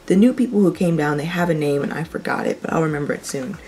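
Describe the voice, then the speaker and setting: A woman's voice: low voice, fast talker, darkish tone, a little hiss or hum. A young woman hosting a reaction video, talking casually and rambling with frequent laughs. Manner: chatty, rambling, laughs often.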